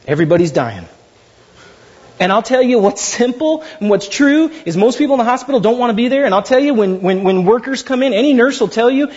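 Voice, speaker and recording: A high-voiced man preaches to his congregation with husky warmth, slipping into animated, jokey asides. The sound is a dull, lo-fi church recording. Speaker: pastor. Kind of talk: sermon.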